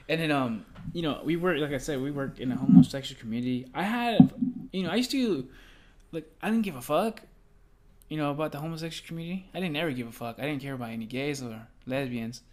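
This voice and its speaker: A young man co-hosting a podcast, telling work stories in a rambling, profane, animated way. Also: a little high, fast talker. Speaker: podcast co-host. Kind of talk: casual podcast chat.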